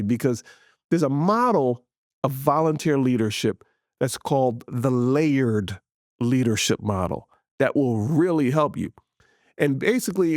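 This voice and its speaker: A man's voice: medium pitch, a little mellow, no room sound, studio quality. A man hosting a faith-based leadership show, teaching in an earnest, emphatic way and repeating key words for stress. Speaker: podcast host. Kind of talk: motivational teaching talk.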